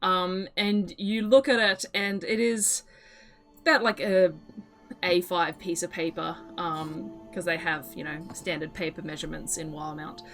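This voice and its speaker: A woman's voice: lowish voice, fairly even intonation, a little slow, a bit bright, soft background music. A woman narrating a tabletop role-playing game as game master, chatty and giggly with lots of filler words.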